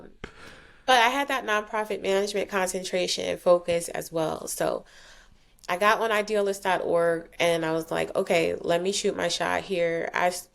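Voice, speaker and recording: A woman from New Jersey, a company founder speaking as a podcast guest, telling her story in a relaxed, chatty way, peppered with "like" and "you know.". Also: fairly low pitch, gravelly. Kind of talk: casual interview chat.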